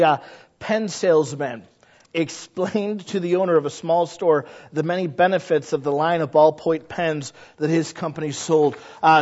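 A man preaching a sermon in an earnest, conversational way, often asking rhetorical questions. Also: fairly high pitch. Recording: dull lo-fi recording.

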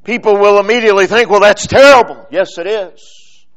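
A man preaching a sermon, delivering it deliberately with dramatic pauses and phrases that fall away at the end. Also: high voice, fairly bright tone, highs cut off.

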